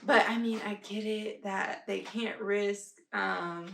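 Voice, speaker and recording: Chatty woman with gravelly voice. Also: medium pitch, takes it slowly. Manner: chatty, animated, frequent ums and laughs. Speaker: candle haul vlogger. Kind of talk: casual chat. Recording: echoey room with faint noise.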